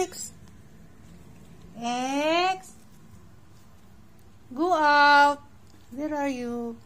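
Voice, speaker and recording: A woman's voice: high voice, drawn-out words, pauses often, fairly bright tone. A woman with a Filipino accent coaxing a cat to eat in a sing-song voice, often laughing and slipping local words in between English. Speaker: pet sitter. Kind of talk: talking to a cat.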